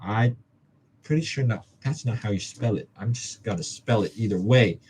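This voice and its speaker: A man's voice: fairly low pitch, moderate pace, darkish tone, slight background noise. A young man from Hong Kong, a student vlogger, muttering and joking to himself as he studies. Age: young adult. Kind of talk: study-with-me self-talk.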